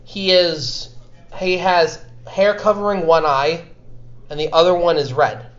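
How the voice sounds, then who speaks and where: A man running a tabletop game as game master, narrating in a halting, self-correcting way. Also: fairly high pitch, fairly even intonation. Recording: dull, echoey room.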